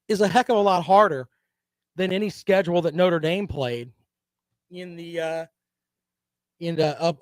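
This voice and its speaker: A man's voice: high voice, no echo. A man hosting a casual live-stream sports talk show, giving opinions and reading viewer comments.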